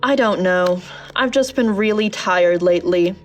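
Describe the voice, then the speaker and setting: A woman voicing a sleepy young male owl in a storybook reading, speaking quietly and wearily. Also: mid-range voice, unhurried, soft background music, natural voice. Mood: weary. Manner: tired, quiet hooting.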